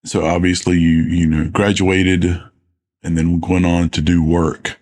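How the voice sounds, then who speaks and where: A male podcast host with a very deep, husky voice leads a casual interview. He sounds curious and often wanders into quick side questions. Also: flat delivery, a little mellow.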